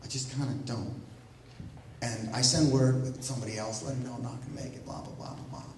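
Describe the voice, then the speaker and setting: A man performing a comic story live, with animated delivery and wry asides. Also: mid-range voice, quick pace, a little hiss or hum. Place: event room at a library. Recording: very echoey room, heard from a distance.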